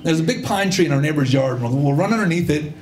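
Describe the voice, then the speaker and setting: Male stage storyteller, animated, acts out his characters, swooping pitch. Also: fast, echoey room. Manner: animated, acts out voices, audience laughter. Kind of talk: live personal storytelling. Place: stage at a live storytelling show. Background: audience laughter.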